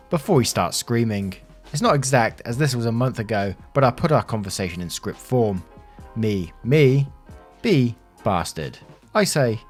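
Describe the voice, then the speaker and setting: A man's voice: mid-range voice, animated, normal speed. A man narrating online stories aloud, with casual asides of his own between them. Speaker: story narrator. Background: faint background music.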